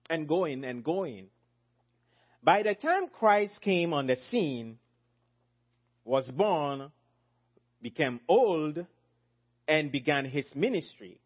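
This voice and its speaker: A man preaching a sermon, emphatic, swinging from loud high exclamations to low quiet phrases. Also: slightly rough, dull audio.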